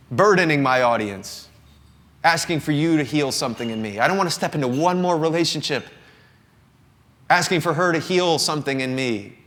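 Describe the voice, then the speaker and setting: A fairly high-pitched, slightly bright voice belongs to a singer-songwriter in his thirties from the American South. He speaks earnestly and reflectively, confessing to a live audience in an indoor company showroom, and the recording carries a long live-room reverb.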